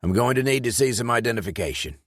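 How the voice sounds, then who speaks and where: An older, wary policeman with a Welsh accent barks short orders, as a male narrator voices him. The voice sits above a deep baseline and is recorded dry and close. It is an audiobook portrayal, stern and clipped. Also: animated, fast talker, dry recording, lightly acted.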